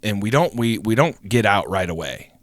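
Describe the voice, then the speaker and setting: A young man co-hosting a podcast, telling a story in a casual, animated way, swearing often and acting out the voices of people in it. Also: on the low side, normal speed, no echo. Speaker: podcast co-host.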